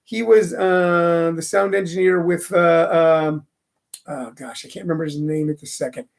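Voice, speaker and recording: A man's voice: on the high side, steady tone, normal speed, gravelly. A middle-aged man hosting a loose, rambling live stream, chatting with viewers and greeting them by name. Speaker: host.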